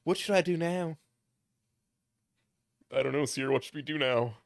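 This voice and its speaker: A man's voice: on the high side, normal speed, gravelly, dry recording, clean studio sound. A young man reading a game aloud on a live stream, joking and swearing as he chats with viewers.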